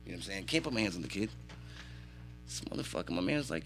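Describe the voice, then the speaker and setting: Philly guy on a podcast, quick and swinging pitch all over, cussing a lot. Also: faint music behind. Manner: animated storytelling, heavy swearing. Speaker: podcast guest. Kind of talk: casual chat. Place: radio studio.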